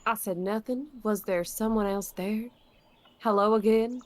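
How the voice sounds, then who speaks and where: A woman's voice: mid-range voice, normal speed, a little mellow, a little hiss or hum. A woman co-playing a game on stream, playful and teasing, laughing often as she chats. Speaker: co-player on a gaming stream. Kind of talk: casual gaming stream chat.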